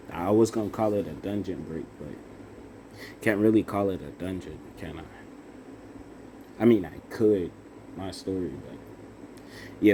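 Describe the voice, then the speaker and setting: A young man improvising a fan-fiction story out loud, halting with fillers and self-corrections. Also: sits low, a little hiss or hum.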